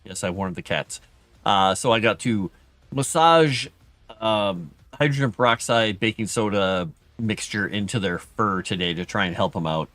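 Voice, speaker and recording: A middle-aged man hosting a livestream, chatting casually with his viewers and telling stories from his childhood in a self-deprecating way, with a higher pitch when he acts out what others said. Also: normal speed, fairly bright tone, dry recording. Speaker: livestream host. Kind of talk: casual storytelling to chat.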